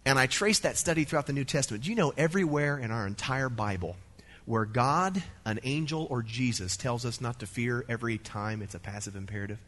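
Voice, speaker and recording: A middle-aged man from the United States preaching a sermon, emphatic and animated, with playful asides. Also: medium pitch, brisk. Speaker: pastor.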